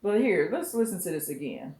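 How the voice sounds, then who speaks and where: A woman's voice: fairly low pitch, very animated, a little fast, mellow. A woman hosting a vlog, commenting bluntly and emphatically on a clip, with some profanity. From US West Coast. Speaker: commentary channel host. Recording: roomy echo.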